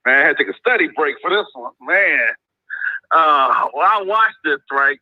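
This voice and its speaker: A male caller phones in to a talk show, his slightly high voice coming through a muffled, dry line. He talks casually and keeps adding "right?" as he makes his case. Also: lively intonation, moderate pace, no room sound. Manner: casual, leaning on "right?" tags. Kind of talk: phone-in call.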